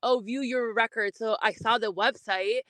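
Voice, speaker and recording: A young woman co-hosts a casual podcast, giggling and hesitating, with many fillers. Her voice sits a little high. It is recorded dry and close. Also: fairly even intonation, moderate pace, fairly bright tone, dry recording. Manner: giggly, hesitant, lots of likes. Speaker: podcast co-host. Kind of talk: casual chat.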